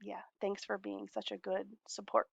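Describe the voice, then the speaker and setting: A woman's voice: mid-range voice, monotone, moderate pace, vocal fry, breathy edge, no room sound, lo-fi sound. A woman in her forties talking in a long, rambling, heartfelt personal message to friends, laughing often. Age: 40s.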